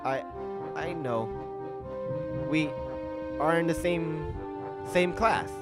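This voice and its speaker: A man's voice: fairly high pitch, very slow, over loud music, pitched above the performer's own voice. A man voicing a timid teenage schoolgirl in a game, stammering.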